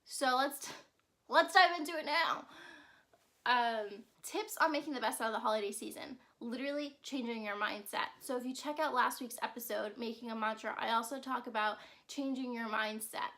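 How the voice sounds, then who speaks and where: A woman's voice: fairly high pitch, moderate pace, fairly bright tone. A young woman hosting a self-care vlog, talking casually and earnestly to her viewers and often asking "right?". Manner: chatty and earnest, frequent "right?" and "um". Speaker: self-care podcast host. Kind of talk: casual solo vlog talk.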